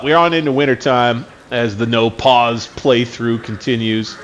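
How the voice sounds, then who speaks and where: A man hosting a gaming channel, giving relaxed, rambling commentary on his gameplay. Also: medium pitch, normal speed, few pauses, noisy background. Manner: relaxed, rambling, with fillers and self-corrections. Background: game music.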